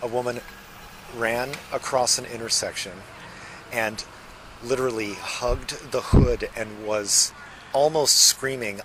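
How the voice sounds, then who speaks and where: A man's voice: medium pitch, fairly even intonation, slow pace, fairly bright tone, low-quality recording. A man telling upbeat, proud stories about his wife's art car in an outdoor interview. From Minneapolis area, USA. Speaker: art car owner's husband. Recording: outdoor interview with clear noise behind.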